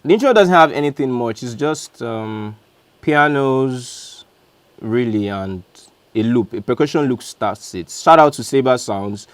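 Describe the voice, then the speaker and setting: A man's voice: mid-range voice, lively intonation, unhurried, smooth, no echo. A man, a music producer, casually walking through how he built a beat, talking loosely and correcting himself as he goes. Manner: chatty, loose, self-correcting. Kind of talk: casual beat breakdown walkthrough.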